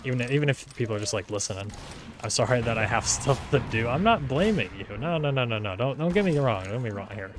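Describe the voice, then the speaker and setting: A young man in a casual solo livestream, talking in a flat, monotone way, rambling, swearing and restarting his sentences. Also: mid-range voice, quick pace, background noise. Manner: rambling, swears often, repeats words and restarts a lot. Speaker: streamer. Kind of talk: casual solo livestream chatter while gaming.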